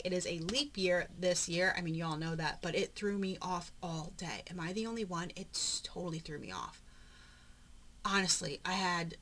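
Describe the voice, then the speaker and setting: Chatty low-voiced woman vlogging. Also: moderate pace, background noise. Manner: rambling, talkative, with frequent soft murmured asides. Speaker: papercraft vlogger. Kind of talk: casual chatty narration during a journal flip-through.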